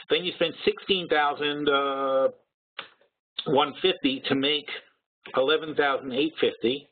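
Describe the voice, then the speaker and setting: Over tinny phone-line webinar audio, a man with a slightly rough, somewhat high voice hosts a live trading session. He rambles and corrects himself, thinking aloud as he works through figures.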